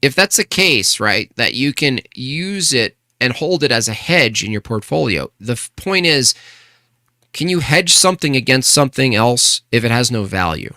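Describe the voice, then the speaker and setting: Very animated, a male streamer with a mid-range, bright, forceful voice argues with chat on a casual live stream at normal speed. He keeps asking pointed rhetorical questions and restarts his sentences. Sound is dry and studio quality.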